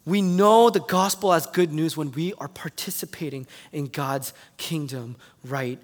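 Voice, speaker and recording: High-voiced preacher man in a reverberant hall. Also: normal speed. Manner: animated storytelling with quoted voices, swinging from hushed to loud. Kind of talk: sermon.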